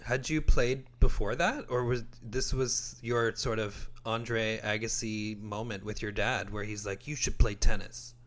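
Steady Canadian man recounting facts. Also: lowish voice, measured pace, hardly any pauses. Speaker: podcast co-host. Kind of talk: casual chat.

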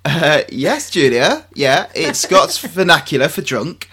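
Male co-host, bright and forceful, nervous giggly delivery. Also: fairly high pitch, a little slow, breathy edge. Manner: nervous laughs, mock Scottish attempts. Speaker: podcast co-host. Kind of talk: scripted podcast banter.

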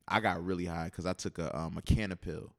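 A man's voice: low-pitched, steady tone, a little fast, creaky. A young man hosting a casual podcast, talking in a loose, slangy, profane way. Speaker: podcast host.

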